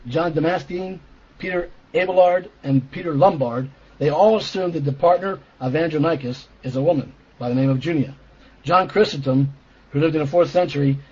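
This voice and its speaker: A fairly high, husky-voiced man delivers an earnest sermon, explaining scripture step by step and checking in with his listeners. The recording is dull and lo-fi. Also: a little mellow. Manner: earnest explanatory teaching with frequent "okay?" check-ins. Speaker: preacher. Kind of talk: sermon teaching.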